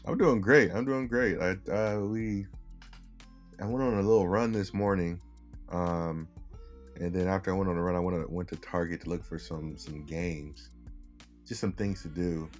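A man's voice: sits low, level tone, moderate pace, darkish tone, soft background music. A young man co-hosting a casual podcast, rambling easily with lots of restarts. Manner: rambling, restarts often, laid-back. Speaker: podcast co-host. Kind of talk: casual chat.

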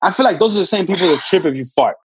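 A young man with a husky, slightly high voice rambles through a story in casual podcast chat, packed with fillers and acted-out quotes. The sound is dry and close. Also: animated, very fast, dry recording, low-quality recording. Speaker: podcast co-host.

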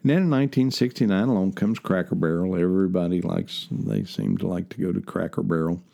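A low-voiced older man rambles along in a relaxed, folksy monologue, dropping in fillers and personal asides. His voice is heavily gravelly with lots of fry, and the tone is dark and mellow. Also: brisk. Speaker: host. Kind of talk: casual spoken monologue. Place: lives in central Ohio.

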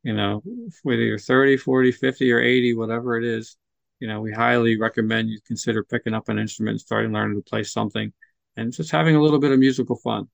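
A man's voice: mid-range voice, steady tone, fast, gravelly, dry recording, lo-fi sound. A man talking as a guest on a podcast interview, chatty and encouraging, sometimes acting out what children say. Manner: chatty, encouraging, acts out kids' voices. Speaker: guest, music nonprofit leader.

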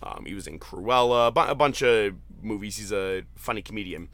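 A man hosting a casual podcast chat, retelling jokes with excited, profane laughter. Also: on the low side, moderate pace. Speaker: podcast host. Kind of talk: casual chat recapping an event.

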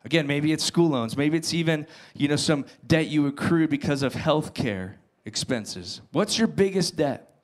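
A male pastor preaching to his congregation, retelling a parable with dramatic emphasis and quiet asides. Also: on the high side, expressive, normal speed. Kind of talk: sermon.

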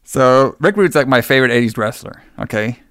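A man's voice: medium pitch, expressive, a little fast, fairly bright tone, smooth, no echo, clean studio sound. A man hosting a casual podcast chat, enthusiastic, rambling and profane. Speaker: podcast host.

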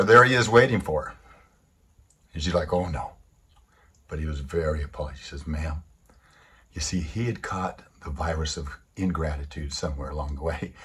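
A man tells stories from the pulpit in a low, husky voice. He is lively and animated, putting on voices for the people in his tales. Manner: animated storyteller who acts out the quotes. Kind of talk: storytelling sermon.

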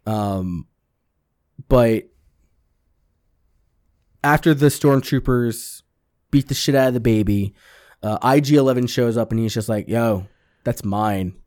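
A man in the middle of his range recaps an episode for a casual podcast, swearing freely and getting animated as the story builds. He keeps slipping into the characters' lines as he retells it. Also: medium pitch, measured pace, long pauses. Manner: acts out characters' lines in quotes. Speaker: podcast co-host.

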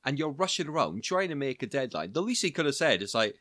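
Podcast host guy, bouncy lively voice, super dry sound, casual and supportive. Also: mid-range voice, fast, dry recording. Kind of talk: casual chat.

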